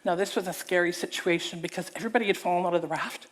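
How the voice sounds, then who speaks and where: A woman's voice: lowish voice, rapid-fire. A woman preacher in a church giving a sermon, acting out a story with theatrical voices and drawing the audience in. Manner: animated, theatrical, engaging the audience.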